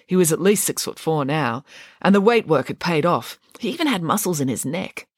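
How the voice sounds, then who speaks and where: A woman narrating a children's storybook in an expressive, lively way. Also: sits low, normal speed, no room sound, clean studio sound. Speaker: audiobook narrator.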